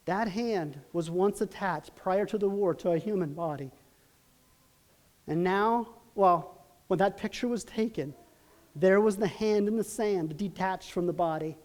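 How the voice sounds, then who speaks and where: A middle-aged man preaching a sermon as pastor, telling stories in an earnest, halting way with many restarts. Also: sits high, a little mellow.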